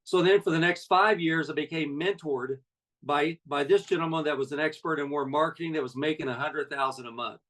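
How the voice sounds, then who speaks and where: A man's voice: a little high, brisk, fairly bright tone, recorded from a distance, low-quality recording. A man in his sixties, a network marketing leader, giving a folksy, conversational motivational talk full of personal stories.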